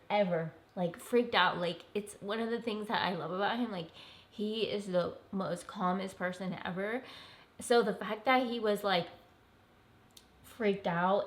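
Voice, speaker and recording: A young woman vlogger telling a personal story in an emotional, earnest way, full of "like"s and close to tears. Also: mid-range voice. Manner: tearful, earnest, filler-heavy with many "like"s.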